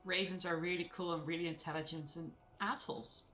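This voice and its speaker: A woman's voice: on the low side, steady tone, brisk, a bit bright, highs cut off, slight background noise. A woman playing a tabletop role-playing game, talking casually and thinking aloud with frequent laughs. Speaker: player.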